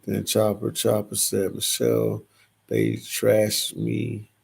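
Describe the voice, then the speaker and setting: A man with a low voice that sits deep in gravelly fry hosts a casual livestream. He reads out the chat and answers it in a loose, repetitive way, and his voice sounds husky. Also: completely flat delivery, slow pace, a little mellow. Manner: reads chat comments aloud and replies, repeats phrases. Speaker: livestream host reading viewer comments.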